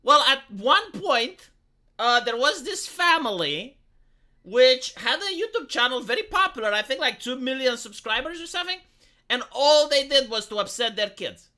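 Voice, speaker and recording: Squeaky-voiced Romanian man streaming. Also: sing-song, moderate pace, pushed and bright. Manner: rambling, stumbling restarts, reads chat aloud. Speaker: live streamer. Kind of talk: casual stream commentary.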